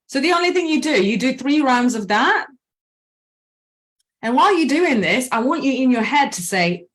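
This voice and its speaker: A woman coaching on anxiety in a casual, animated talk, slowing down to count breaths and acting out anxious and calm inner voices. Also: high-pitched. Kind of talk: casual guided presentation.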